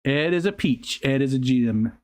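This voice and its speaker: Rambling older man chatting on a livestream. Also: mid-range voice. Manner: rambling, halting, with frequent restarts and fillers. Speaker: livestream host. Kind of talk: casual live chat reading viewer comments. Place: outdoors near a pond.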